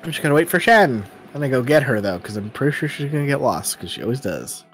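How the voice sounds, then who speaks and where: A man's voice: mid-range voice, big pitch swings, fast talker, a bit bright, faint music behind. A man co-playing a game on stream, chatting casually with teasing, swear-laced banter. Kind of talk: casual gameplay chat.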